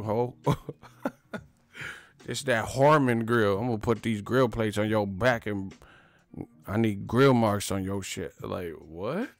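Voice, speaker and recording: A man's voice: medium pitch, dry recording. A man hosting a boxing livestream, talking in a casual, profane, joking way and laughing often. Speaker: boxing YouTuber.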